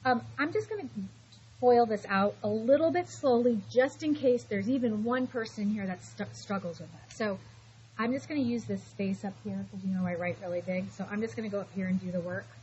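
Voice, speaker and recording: A woman's voice: medium pitch, a little fast, a little mellow. A middle-aged woman teaching math in a classroom, patient and reassuring, stopping to talk students through every step. The recording is a little dull, with a faint hiss underneath. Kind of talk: classroom lecture.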